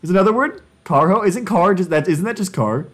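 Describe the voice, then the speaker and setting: A young man talks on a live stream in a playful, excitable way, his pitch leaping high whenever he crows about a win. He laughs at his own jokes and comments on everything as he goes. Soft music sits faintly underneath. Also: a little fast. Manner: jokey, excitable, laughing self-commentary with sudden pitch jumps. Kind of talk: casual live-stream chat while doing language drills.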